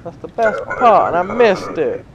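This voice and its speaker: A man giving sweary, excitable let's play commentary, breaking into loud yelps between muttered remarks. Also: sits high, unhurried, dull audio, background noise. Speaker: gaming YouTuber.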